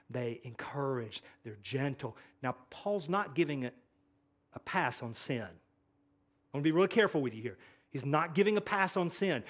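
A man preaching a sermon as pastor, swinging between loud emphatic lines and soft, hushed asides, repeating phrases for emphasis. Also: fairly high pitch.

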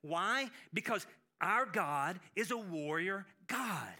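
Pastor guy preaching, high bright voice, keeps restarting and acting out quotes. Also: takes it slowly. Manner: animated preaching with many restarts and acted quotes. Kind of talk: sermon.

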